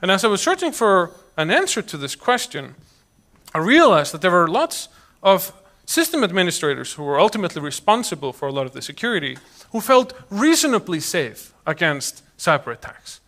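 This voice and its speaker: A man's voice: high voice, a little fast. A man from Iceland, giving a personal storytelling talk to an audience and acting out the voices of people he quotes. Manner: animated, acts out quoted voices. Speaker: public speaker.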